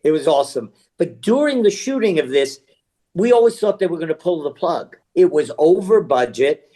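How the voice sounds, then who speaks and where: Older male guest, raconteur type, lively storyteller with a slightly high pitch. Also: normal speed. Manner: chatty storyteller, acts out quoted voices. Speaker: guest, actor. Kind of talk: casual anecdote telling.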